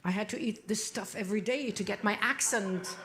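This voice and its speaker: Between songs at a small club, this German woman, a cabaret singer, spins playful, theatrical stories and teases the crowd through a stage mic. She speaks briskly in a mid-range voice. The background is noisy.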